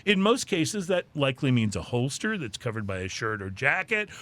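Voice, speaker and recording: A man hosting a podcast, reading drinking news with deadpan jokes. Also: mid-range voice, normal speed. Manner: animated, deadpan joking delivery. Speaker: podcast host.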